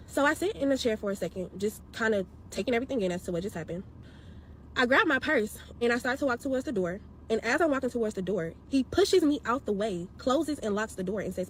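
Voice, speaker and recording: A woman retelling a bad experience in an animated, slangy, exasperated storytime style, acting out what people said. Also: fairly high pitch, fast talker, slight background noise. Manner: expressive, slangy, exasperated, acts out quotes. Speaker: storyteller vlogger.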